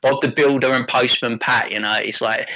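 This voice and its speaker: Bright-voiced English man, chatty and crude. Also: mid-range voice, fairly even intonation, moderate pace, poor audio. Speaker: co-host. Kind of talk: casual livestream chat.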